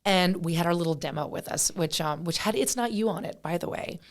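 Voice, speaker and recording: A woman from Pennsylvania, a guest musician telling stories in a casual interview, animated and chatty with lots of fillers. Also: on the low side, fairly quick. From Pennsylvania, USA.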